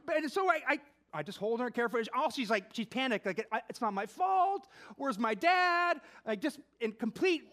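High-voiced man telling a story. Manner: animated storytelling, frequent "right?" asides. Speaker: pastor. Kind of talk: conversational sermon.

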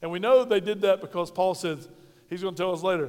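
A man's voice: sits high, fast, darkish tone, smooth. A pastor preaching a sermon in a folksy, direct way, talking to his congregation. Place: church sanctuary. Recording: reverberant church hall.

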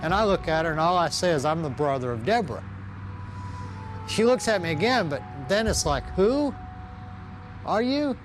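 A man, telling his own story of forgiveness in an earnest, slow way. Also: on the high side, animated. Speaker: testimony speaker. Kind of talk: personal testimony. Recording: music bed underneath.

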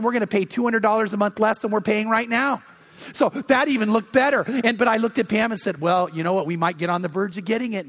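A man's voice: high-pitched, fairly bright tone, long reverb tail. A male pastor preaching a sermon, telling stories candidly and acting out the voices of the people in them. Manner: storytelling, acting out quoted voices.

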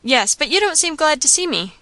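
A woman voicing a rough, insolent male saloon keeper who talks in a coarse, sly, slangy way. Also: high-pitched, big pitch swings, brisk, pushed and bright, no room sound, voice pushed up, heavily acted.

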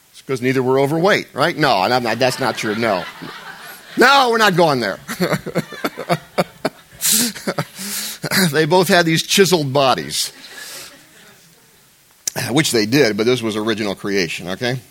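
A man's voice: on the high side, measured pace, long pauses. A man preaching a conversational sermon to his congregation, with playful asides. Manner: animated, conversational, jokey asides. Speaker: pastor.

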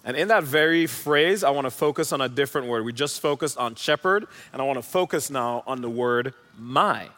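A man's voice: mid-range voice, a little fast, few pauses, fairly bright tone. A man preaching a sermon in a church hall, earnest and emphatic, repeating key phrases. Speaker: pastor. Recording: long hall reverb.

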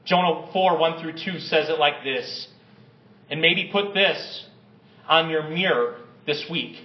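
A man with a high voice preaches with passion, urging his congregation to answer back. His words ring through a reverberant church. The sound is a little dull and muffled. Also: slow pace. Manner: impassioned, calls congregation to respond. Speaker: pastor. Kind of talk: sermon. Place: church sanctuary.

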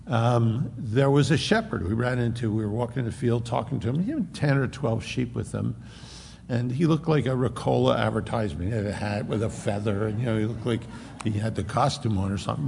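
A man preaching a sermon, emphatic and conversational, slowing down to stress points. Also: mid-range voice, creaky, a little mellow. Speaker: pastor. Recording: long hall reverb, faint noise.

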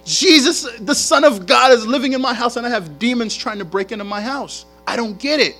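A man voicing a frantic young man in a sermon story, shrill with disbelief. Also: sing-song, moderate pace, bright, forceful tone, soft background music, heavily acted. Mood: astonished. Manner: high-pitched, breathless disbelief. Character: frantic young man with demons at his door.

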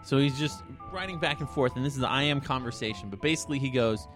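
A man casually retelling a creepy internet story to friends, rambling and animated, slipping into quoted voices. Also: medium pitch, fast, music in the background. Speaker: podcast co-host telling a creepypasta story.

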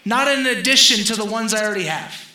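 A man's voice: high-pitched, brisk, pushed and bright, roomy sound, low-quality recording. A young man preaching a sermon in a conversational style, joking with the congregation. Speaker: pastor.

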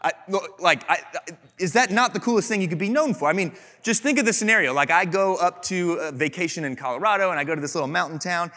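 Animated storytelling preacher man. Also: high voice, fast talker. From Texas. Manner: casual, animated storytelling with playful humor. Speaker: pastor. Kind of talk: sermon.

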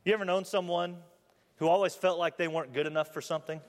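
A man's voice: high voice, steady tone, quick pace. A man in his twenties preaching a sermon, earnest, reading scripture aloud and asking the congregation questions. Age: 20s. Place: church building. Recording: long hall reverb.

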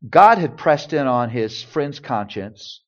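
A man's voice: mid-range voice, animated, takes it slowly. Earnest man preaching on parenting. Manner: earnest storytelling, acts out quoted dialogue. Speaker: pastor speaking on parenting. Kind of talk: sermon-style teaching and Q&A. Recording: dull lo-fi recording.

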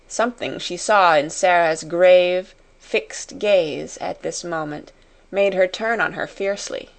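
A woman reading a classic story aloud in a measured, expressive way. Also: lowish voice, creaky. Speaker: audiobook narrator. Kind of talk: scripted storybook narration.

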